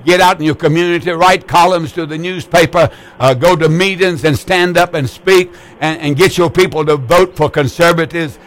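Fervent preacher hosting call-in radio. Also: male voice, a little high, steady tone, normal speed, hardly any pauses. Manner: fervent, repetitive preacher's cadence. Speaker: radio host and pastor.

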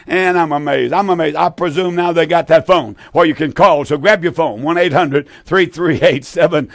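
A man's voice: fairly high pitch, no room sound, studio quality. Fervent eighty-year-old male preacher. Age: 80s. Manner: fervent, repetitive, folksy, drawn-out emphasis. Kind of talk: sermon with call-in appeal.

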